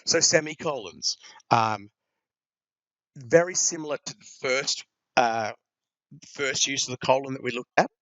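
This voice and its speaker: A man's voice: mid-range voice, unhurried, long pauses, a bit bright, dry recording, muffled recording. A man teaching a grammar lesson, explaining punctuation with many ums and repeated words.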